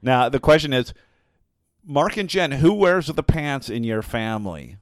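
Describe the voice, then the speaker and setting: A man's voice: mid-range voice, sing-song, unhurried, no echo, studio quality. Rambling jokey man podcast co-host. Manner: rambling, self-interrupting, jokey. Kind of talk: casual chat.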